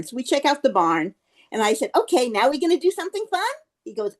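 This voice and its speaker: A woman's voice: high voice, very animated, fast talker. Woman telling a funny story. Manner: storytelling, acts out quoted dialogue. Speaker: club member giving a speech. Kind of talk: humorous personal anecdote speech.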